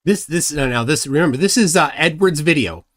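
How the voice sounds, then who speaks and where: A man's voice: fairly high pitch, lively intonation, brisk, a bit bright. A middle-aged man hosting a live stream, rambling and self-deprecating with many restarts. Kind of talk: casual live commentary.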